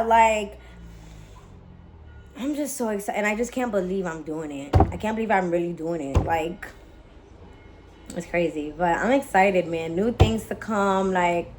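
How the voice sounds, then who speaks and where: A young woman vlogging in a casual, candid way, swearing freely, full of "like" fillers and excitable chatter. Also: mid-range voice, slight background noise. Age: young adult. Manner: candid, profane, lots of "like" fillers. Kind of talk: casual vlog chat.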